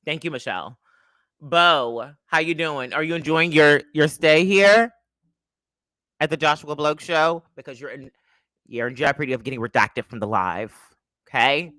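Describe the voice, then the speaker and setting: A man's voice: on the high side, moderate pace, sharp tone, no room sound, studio quality. A young man hosting a casual livestream, telling a story in a sassy, chatty way and greeting viewers by name. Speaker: livestream host.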